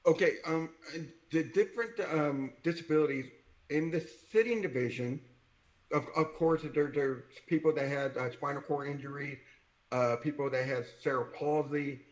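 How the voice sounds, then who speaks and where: A man's voice: a little high, moderate pace, echoey room, highs cut off. A man who is deaf and wears hearing aids, an interview guest telling a story, acting out the voices of the people in it. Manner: animated, acts out the voices in his story.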